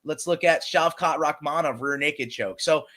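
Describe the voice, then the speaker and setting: A man co-hosts a casual podcast chat with a high, bright voice. He rambles along with fillers and restarts, calling his partner brother and man. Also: normal speed. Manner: chummy, calls his co-host brother and man. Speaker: podcast co-host. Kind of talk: casual sports betting chat.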